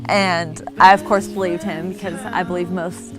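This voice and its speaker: A woman's voice: lowish voice, level tone, moderate pace. A young woman in her twenties tells how she met her fiancé, laughing often and acting out her own quotes. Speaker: bride-to-be telling her love story. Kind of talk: casual interview storytelling. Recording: soft music underneath.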